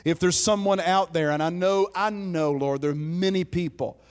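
A man's voice: high-pitched, moderate pace, smooth. A man preaching a sermon as pastor, emphatic and exhorting his listeners.

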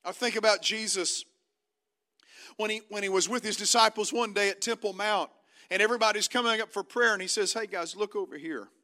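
A man preaching a sermon, retelling stories with dramatic swings between loud emphasis and hushed, quiet quoted lines. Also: high-pitched, brisk.

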